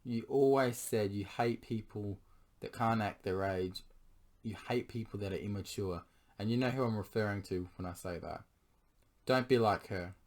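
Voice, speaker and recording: Man, hoarse, losing his voice, low-ish pitch, earnest pleading confessional monologue, frequent throat clearing. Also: normal speed, a little mellow. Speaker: vlogger addressing his partner.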